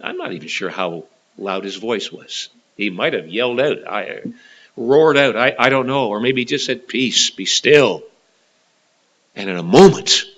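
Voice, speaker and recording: Bright-voiced man preaching a sermon. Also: mid-range voice, poor audio. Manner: dramatic, swings from loud to hushed; repeats and restarts words often.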